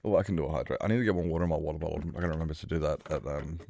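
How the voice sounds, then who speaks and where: A man with a very low, gravelly voice chats loosely while he plays a game. He rambles from one aside to the next, swears freely and laughs often. The fry in his voice stays under every line. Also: rapid-fire, dark tone. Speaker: streamer. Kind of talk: casual chat while playing a game.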